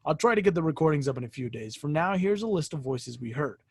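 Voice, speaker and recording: A man's voice: lively intonation, quick pace, breathy edge, dry recording, studio quality. A man co-hosting a podcast, casually reading creepy stories aloud and joking with friends. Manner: jokey, bursts into shrill shouted ghost voices. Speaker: podcast co-host.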